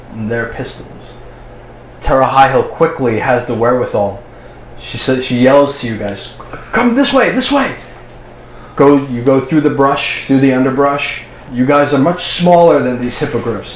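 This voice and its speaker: Male game master, steady descriptive narration, roomy echo. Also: mid-range voice. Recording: echoey room, faint ambient noise.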